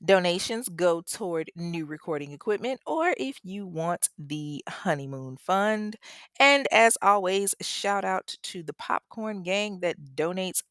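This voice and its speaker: Brief: young woman podcast host, low-pitched, slangy and chatty, dry close mic. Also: lively intonation, a little slow, a bit bright, no echo. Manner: chatty, slangy, laughing asides. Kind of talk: casual podcast chat reading listener reviews.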